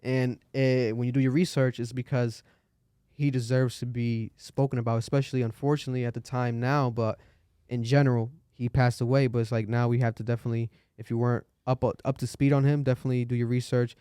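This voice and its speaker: A young man hosting a casual podcast chat, animated and swearing freely, his voice jumping up when he is exasperated. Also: medium pitch, fairly quick, clean tone, dry recording, clean studio sound. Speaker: podcast host.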